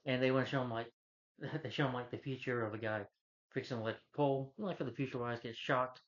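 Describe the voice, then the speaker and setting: A man's voice: medium pitch, steady tone, quick pace. Man rambling through a movie recap. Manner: rambling, loose retelling full of "he's like". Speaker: movie reviewer. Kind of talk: casual movie recap rant. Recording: dull lo-fi recording.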